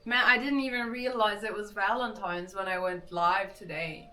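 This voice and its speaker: A woman's voice: medium pitch, fairly even intonation, moderate pace, bright, forceful tone. A young woman from Gothenburg, Sweden, chatting casually with her stream viewers and answering chat. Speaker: livestreamer. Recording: distant mic with faint music.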